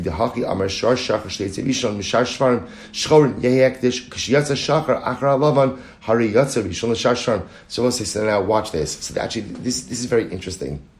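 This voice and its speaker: Lively rabbi teaching Talmud, low voice. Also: male voice, roomy sound. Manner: animated, explains aloud, reads Aramaic quotes quickly. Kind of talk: Talmud lecture.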